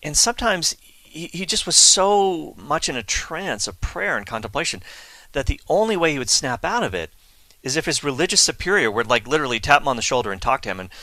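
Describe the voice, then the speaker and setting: A man's voice: medium pitch, pushed and bright, no room sound. A man telling the life of a saint in a chatty, enthusiastic way, with asides and fillers. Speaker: Catholic speaker telling a saint's story. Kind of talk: casual storytelling talk.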